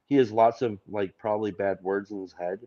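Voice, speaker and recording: Low-voiced joking man, muffled. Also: fairly even intonation, a little fast, mellow. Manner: joking, rambling. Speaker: host. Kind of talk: casual chat.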